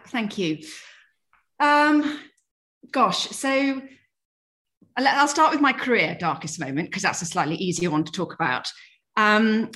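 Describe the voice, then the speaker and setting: A middle-aged woman with a light Yorkshire accent, a guest in an interview, speaking earnestly and in measured phrases, with fillers and restarts. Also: medium pitch, a bit bright. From England. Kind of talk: reflective interview conversation.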